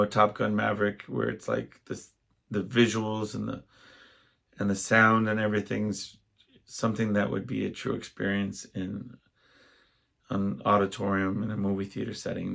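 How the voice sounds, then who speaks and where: Young guy rambling on his own podcast, really gravelly raspy voice, keeps restarting sentences. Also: fairly low pitch, level tone, moderate pace, a bit bright. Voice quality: gravelly, husky. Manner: rambling, self-interrupting storyteller. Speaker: podcast host. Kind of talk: casual solo podcast monologue.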